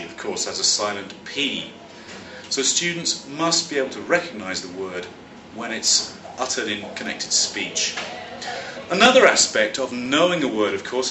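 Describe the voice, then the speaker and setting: A man from London teaching a vocabulary lesson, his bright voice rising and falling with lively pitch. He talks in a clear, measured way and leans on key words. He sounds set back from the mic in an echoey room. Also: distant mic, slight background noise. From London, England. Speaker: English teacher and teacher trainer. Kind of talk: explanatory spoken lesson. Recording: roomy echo, slightly off-mic.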